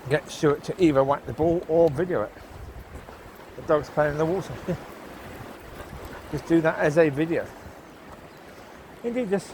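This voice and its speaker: Man, slightly high voice, rambling outdoor walk-and-talk, faint background noise, phone mic. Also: normal speed, long pauses, a little mellow, low-quality recording. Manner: chatty and rambling, talks to his dogs. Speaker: vlogger walking his dogs. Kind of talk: casual talk while walking outdoors. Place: outdoors by water on a rural path.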